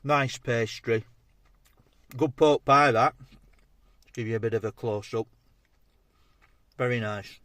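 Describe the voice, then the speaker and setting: A man's voice: mid-range voice, slow pace, long pauses, a bit bright, dry recording. Chatty man reviewing food. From England. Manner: chatty, matey, talks between bites. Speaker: food vlogger. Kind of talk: casual food review vlog.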